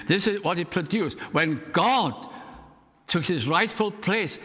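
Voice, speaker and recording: A man's voice: fairly high pitch, lively intonation, moderate pace, pushed and bright. An older man from Wales preaching a storytelling sermon, building to fervent emphasis. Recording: long hall reverb.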